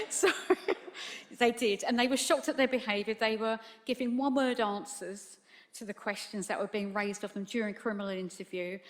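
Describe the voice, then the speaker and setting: A middle-aged woman speaks as a grieving mother, her testimony halting, tearful and full of fillers and restarts. Her voice sits in the middle range and carries a long reverb from the large hall around her. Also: mid-range voice. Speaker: bereaved mother giving testimony. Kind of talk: emotional public testimony. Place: large hall at a public tribunal.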